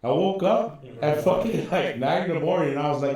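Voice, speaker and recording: A man's voice: fairly high pitch, fairly quick, darkish tone. A man, co-hosting a podcast and telling rambling, profane stories. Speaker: podcast co-host. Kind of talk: casual chat. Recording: echoey room, distant mic.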